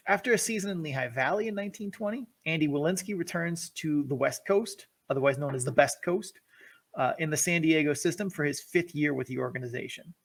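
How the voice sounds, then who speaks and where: A man's voice: a little high, gravelly. A man co-hosting a hockey podcast, reading prepared analysis with eager enthusiasm and laughing at his own jokes. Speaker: podcast co-host.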